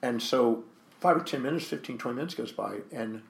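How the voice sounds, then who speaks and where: A man's voice: mid-range voice, animated, brisk, gravelly, echoey room. A man, a guest speaker and author, telling a story in an interview and acting out the dialogue with animation.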